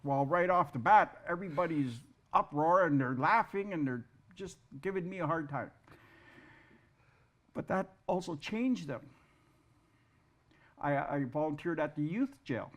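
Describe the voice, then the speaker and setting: A man who is an artist, talking in a casual interview, halting and repeating words, with self-deprecating humor. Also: a little high, animated, a bit bright. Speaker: guest artist.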